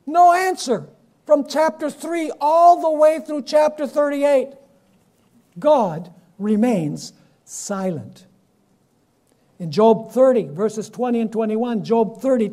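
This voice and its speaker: A man preaching a sermon and reading scripture aloud, with dramatic swings between loud and soft. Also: very high voice.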